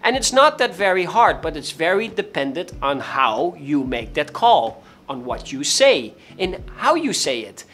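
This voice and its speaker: A man coaching real estate agents on cold calling, animated and emphatic, who repeats his key points. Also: on the high side, a little slow, few pauses. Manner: acts out callers' voices. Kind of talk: instructional talk to camera.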